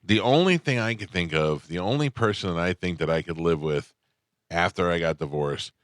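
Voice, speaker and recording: A man's voice: deep voice, normal speed, no echo, studio quality. A man hosting a morning radio show, chatting casually and acting out the voices in his stories. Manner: animated storyteller, acts out the voices in his anecdotes. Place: radio studio. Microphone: studio microphone.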